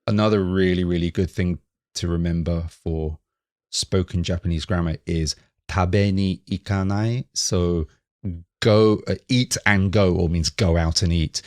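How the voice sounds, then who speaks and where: A man's voice: low voice, fairly even intonation, unhurried, no echo, clean studio sound. A man co-hosting a Japanese lesson podcast, asking questions and repeating phrases after the teacher. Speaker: co-host learning Japanese.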